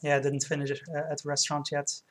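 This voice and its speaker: A woman's voice: low-pitched, monotone, fast talker. A woman chatting through a let's play, giggling and reading viewers' messages aloud. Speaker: streamer. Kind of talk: let's play game commentary.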